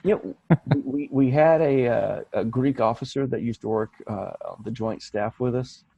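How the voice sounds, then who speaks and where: Gravelly husky man telling rambling stories. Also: medium pitch, normal speed, warm tone, dry recording, highs cut off. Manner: rambling anecdotes with frequent restarts. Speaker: podcast co-host. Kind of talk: casual chat.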